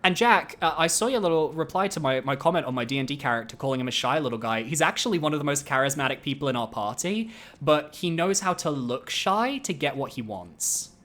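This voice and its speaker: A man streaming a video game who chats casually, gets excitable, swears freely and drifts into rambling asides. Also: a little high, brisk. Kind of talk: casual gameplay commentary.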